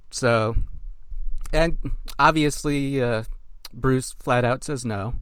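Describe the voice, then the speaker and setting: A man chatting casually as a podcast co-host, retelling scenes with lively little character bits and quick asides. His voice sits at an ordinary middle pitch and sounds dry and close, with no room around it. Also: smooth, no echo. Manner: animated storyteller, acts out characters' lines. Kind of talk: casual chat recapping an episode.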